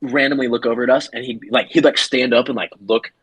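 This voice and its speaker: A man's voice: medium pitch, steady tone, fast talker, fairly bright tone, breathy edge, no echo. A man co-hosting a podcast, telling a story casually and animatedly with plenty of laughter. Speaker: podcast co-host.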